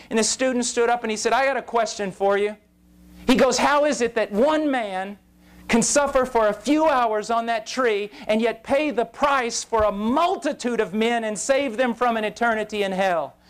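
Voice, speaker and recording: A man preaching an intense, impassioned sermon that rises to shouts at its peaks. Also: very high-pitched, moderate pace, clear, resonant tone. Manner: intense, rising to shouts at climaxes.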